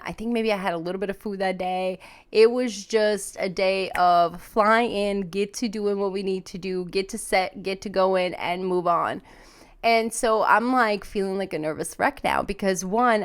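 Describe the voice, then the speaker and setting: A woman with a smooth, clear voice talks casually on her podcast. She tells a story in an animated, rambling way, with plenty of "like" and false starts. Her pitch sits in the middle of the range. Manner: animated, rambling, lots of fillers and restarts; acts out her own panicked voice in high pitch. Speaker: podcast host.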